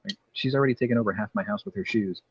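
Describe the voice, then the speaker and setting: A man's voice: on the low side, rapid-fire, breathy edge, no echo. A man hosting a casual podcast chat, a rambling storyteller who swears freely. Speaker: podcast host. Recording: dull lo-fi audio with faint noise.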